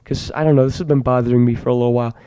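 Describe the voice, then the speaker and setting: Speaking very fast, this teenage boy delivers a comedic rant to camera, sarcastically grand and full of stammers and restarts. His medium-pitched voice is warm and clean with fairly even intonation, captured in a dry recording.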